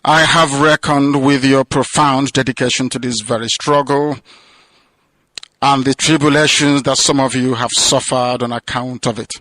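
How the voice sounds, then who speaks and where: A man's voice: medium pitch, fairly even intonation, normal speed, pushed and bright, no echo, rough recording. A man delivering an impassioned radio address, declamatory and building to fervent crescendos. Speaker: radio broadcaster. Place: prison release, speaking from abroad.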